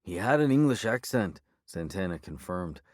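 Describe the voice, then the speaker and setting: A man's voice: low-pitched, very animated, moderate pace, no echo, clean studio sound. A man growling as a ferocious werewolf alpha. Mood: resentful. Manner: snarling, hostile, defiant. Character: gaunt, furious male werewolf alpha. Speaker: character voice in an audiobook.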